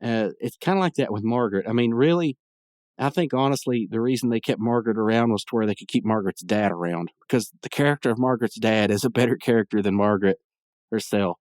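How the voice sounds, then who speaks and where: Low-voiced man rambling through a cartoon recap. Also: quick pace, darkish tone, no room sound, clean studio sound. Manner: rambling and digressive, many fillers; opinionated asides. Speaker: podcast host. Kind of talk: casual episode recap.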